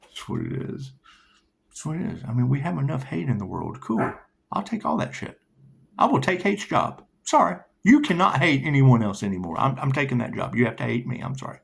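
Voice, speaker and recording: Rambling, profane man with lively pitch. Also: brisk, vocal fry, slightly rough. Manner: rambling, profane, laughs often, reads card text in a lilting high voice. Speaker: tarot reader. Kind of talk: casual tarot reading monologue.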